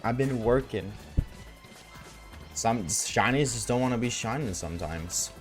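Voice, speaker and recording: A man's voice: medium pitch, animated, unhurried, faint music behind. A man streaming a game and chatting casually with his viewers, laid-back and slangy, reading chat aloud.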